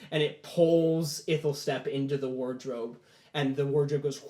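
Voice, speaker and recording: A man's voice: fairly high pitch, fairly even intonation, moderate pace, a little mellow. A man narrating a tabletop game as game master, in casual storytelling with lots of "like" fillers. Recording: roomy echo.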